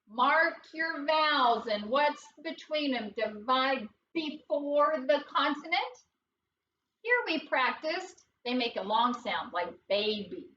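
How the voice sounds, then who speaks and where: Leading a phonics lesson, a woman teacher sounds out letters and encourages her class, speaking at a careful, unhurried pace in a fairly high, bright voice. Because she's recorded from across the room, the audio is distant and dull, with faint noise in the background.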